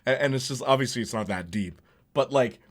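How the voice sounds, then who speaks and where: With a brisk, mid-range voice, a gaming streamer keeps up casual chat while he plays. The young man rambles, starts over a lot, and laughs frequently.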